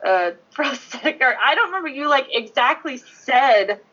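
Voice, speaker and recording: Chatty woman with a bright, husky voice. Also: high-pitched, animated. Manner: chatty, quick, with frequent laughs. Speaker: convention guest. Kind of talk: casual storytelling on a panel. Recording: dull lo-fi sound.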